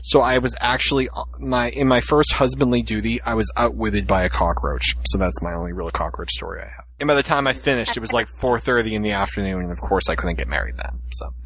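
A man's voice: on the low side, quick pace, hardly any pauses, fairly bright tone. A man hosting a podcast, telling rambling jokey stories in casual group chat. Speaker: podcast host.

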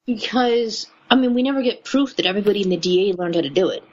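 A woman chimes in with quick remarks and questions in a relaxed conversation. Her voice sits at a medium pitch. The sound is a little dull and lo-fi. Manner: short reactive comments and questions. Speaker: podcast co-host. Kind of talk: casual chat. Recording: slightly muffled lo-fi sound.

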